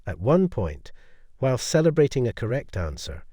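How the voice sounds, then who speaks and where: A man telling a scripted story as narrator in a lively storytelling way. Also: medium pitch, moderate pace, dry recording, studio quality.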